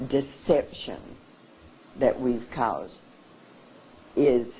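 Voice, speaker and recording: A speaker at a seminar giving an emotional talk, earnest and halting, often restarting sentences. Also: medium pitch, expressive, warm tone, slightly rough, poor audio. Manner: openly emotional. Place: seminar room.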